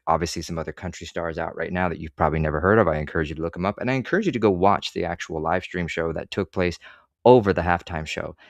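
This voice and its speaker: Deep-voiced man on a swearing rant. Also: no echo, studio quality. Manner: sarcastic, swears freely, rambling asides. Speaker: online commentator. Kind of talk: profane opinion rant to camera.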